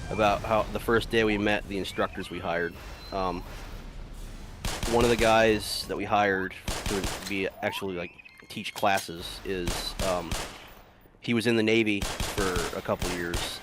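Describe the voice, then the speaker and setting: A man's voice: deep voice, steady tone, normal speed, background noise. A man chatting casually while playing a game, rambling through stories with swearing and laughter. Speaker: gameplay commentator. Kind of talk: casual gameplay chat.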